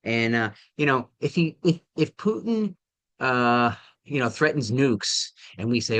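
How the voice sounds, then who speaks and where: A tired man talking casually to camera, halting, with many ums and restarts. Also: medium pitch, animated, a bit bright, dry recording. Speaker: vlogger.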